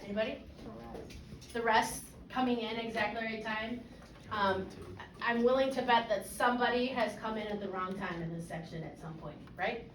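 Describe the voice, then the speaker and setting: A woman's voice: a little high, normal speed, recorded from a distance, slight background noise. Woman band clinician, casual and encouraging; recorded from afar in a roomy rehearsal space. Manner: casual, encouraging, lots of fillers and checks for understanding. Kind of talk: coaching a student ensemble. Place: rehearsal room. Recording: echoey room, voice from afar.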